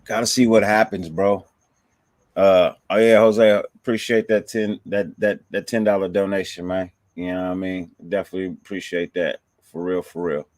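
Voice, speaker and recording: A man's voice: low voice, little pitch movement, moderate pace, darkish tone, no echo. A man hosting a casual fan show, talking slangy and laid-back, thanking viewers and breaking down players. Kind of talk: casual sports chat.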